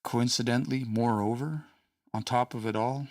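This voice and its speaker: A man's voice: mid-range voice, fairly even intonation, moderate pace, no echo, studio quality, far from the mic. A man hosting a casual study session, thinking aloud with hesitant restarts and small chuckles. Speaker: host studying a language.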